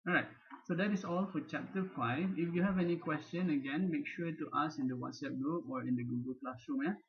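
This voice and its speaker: A man's voice: on the high side, fairly quick, dull audio. A young man with a Malaysian accent giving a recorded lecture, switching freely between English and Malay in a conversational teaching tone.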